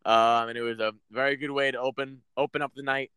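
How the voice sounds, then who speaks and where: A man's voice: mid-range voice, little pitch movement, fast, sharp tone, smooth, no room sound. A man co-hosting a casual podcast, speaking hesitantly with many fillers and joking. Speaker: podcast co-host.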